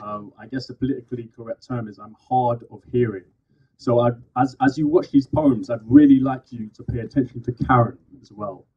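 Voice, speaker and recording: A man from London performing spoken word poetry live on stage, with measured rhythmic delivery and casual asides between poems. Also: medium pitch, fairly even intonation, husky. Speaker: poet. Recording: dull, distant live recording.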